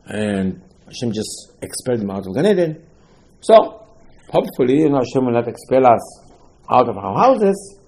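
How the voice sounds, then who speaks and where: A man with giving an informal Torah lecture, rising to emphatic questions and dropping low again. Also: mellow, rough recording. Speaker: rabbi giving a talk.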